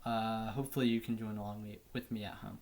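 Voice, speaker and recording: A man teaching drum technique in a relaxed, casual way, often checking in with "right?". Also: fairly low pitch, fast. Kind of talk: casual instructional explanation.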